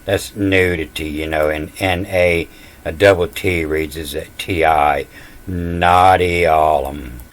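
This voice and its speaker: Slow deep-voiced man explaining letters. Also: fairly even intonation. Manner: spells out letters one by one, confident and dismissive. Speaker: self-taught scripture reader. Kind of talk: casual explanatory lecture.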